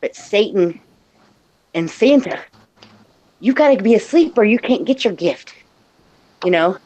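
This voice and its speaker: A woman's voice: medium pitch, lively intonation, a little slow, darkish tone, low-quality recording. Chatty woman tripping over her words. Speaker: co-host of a live stream. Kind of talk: casual live-stream chat.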